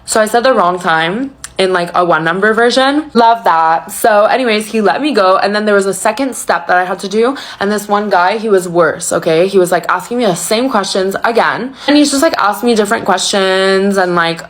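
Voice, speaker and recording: Young woman chatting, swears a lot, says like every other word, kinda anxious and rushed. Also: medium pitch. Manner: chatty, swears freely, heavy use of "like"; anxious, breathless retelling. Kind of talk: casual storytelling.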